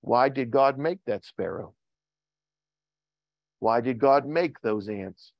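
An older man preaches a church sermon and reads old scripture slowly, lifting his voice on the key words. Between readings he talks plainly to his congregation. The recording is muffled and dry, with little room sound. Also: medium pitch, expressive, creaky, no room sound. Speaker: pastor. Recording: dull lo-fi sound.

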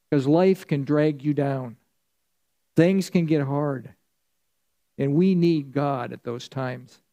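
A man leads a church Bible study with a mellow, warm tone set a little high for a man. He talks conversationally, puts questions to the class and then answers them himself. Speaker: pastor.

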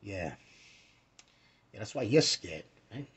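Gravelly, animated man talking casually. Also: lowish voice, slow pace. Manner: animated, swearing, acts out quotes with sudden shouts and whispers. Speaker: host of an astrology talk. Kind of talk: casual rambling talk.

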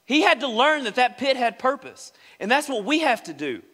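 Male pastor, sermon, dramatic delivery; bright, forceful tone, long church reverb. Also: very high-pitched, big pitch swings, normal speed. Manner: dramatic, acts out quoted speech. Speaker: preacher. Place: church sanctuary.

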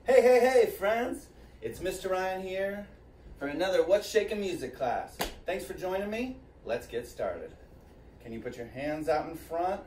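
A man leading a preschool music class online, cheerful and encouraging, talking slowly and sing-song to young children. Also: a little high, sing-song, a little mellow, roomy sound, far from the mic. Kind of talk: virtual kids' music class. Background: guitar and tambourine.

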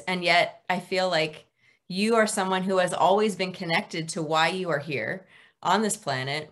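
A woman's voice: fairly low pitch, a bit bright. A woman hosting a video call interview, asking long, reflective questions in a friendly way. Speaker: host, interviewer.

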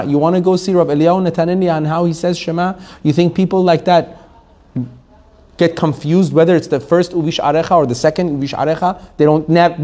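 A man, a rabbi, teaching a Torah class to a live audience, animated, asking the room questions and laughing often. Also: fairly high pitch.

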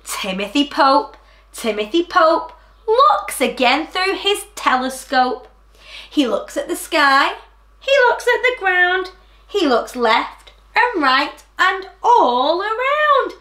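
A high, bright-voiced woman reads a rhyming storybook slowly to young listeners. She has a sing-song, animated delivery and speaks to the children directly. The room sounds echoey. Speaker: teacher reading a picture book. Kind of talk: storybook read-aloud for children.

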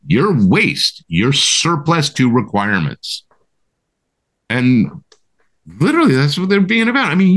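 A podcast co-host with a medium-pitched, fairly bright voice launches into an impassioned rant. His talk is heated, emphatic, and profane, and he often asks "right?"

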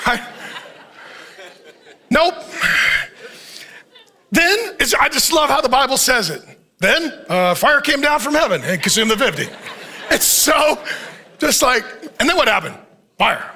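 A man pastor preaching a sermon as an animated, joking storyteller who chuckles often. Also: very high voice, unhurried, pauses often.

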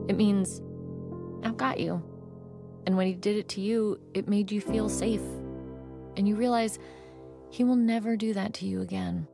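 Casting: a heartbroken confidante, gravelly voice, music underneath. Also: female voice, mid-range voice.

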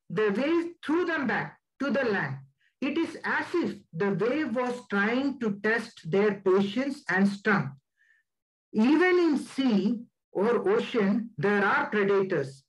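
A man giving a slide presentation as a guest speaker, deliberate and stressing key words. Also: sits high, rough recording.

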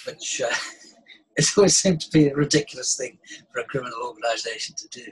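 A man's voice: medium pitch, a bit bright, a little hiss or hum, low-quality recording. A man speaking as a writer guest in a casual interview, wry and thoughtful with some hesitations. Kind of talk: casual chat.

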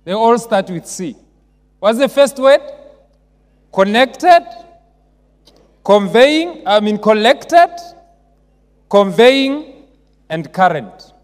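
High-voiced man preaching in a church hall. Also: lively intonation, slow pace, long pauses. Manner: call-and-response, rising to emphatic shouts. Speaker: pastor. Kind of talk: sermon. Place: large church. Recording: long church reverb.

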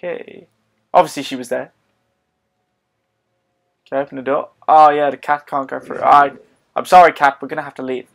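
A man commenting on his own gameplay in an excitable, joking way, often exclaiming to himself. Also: mid-range voice, moderate pace, creaky, long pauses. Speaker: gaming video host. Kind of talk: let's play commentary.

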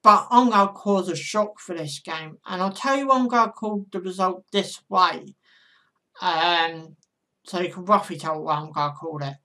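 A woman's voice: fairly low pitch, normal speed, pushed and bright. A woman vlogger giving casual football predictions in a chatty monologue, talking straight to her viewers.

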